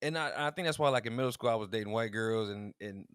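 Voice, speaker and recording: This man's voice is fairly low with a clean tone, and he's a fast talker, recorded in clean studio sound without echo. Co-hosting a podcast, he tells stories casually, laughs often, and acts out the quotes he shares.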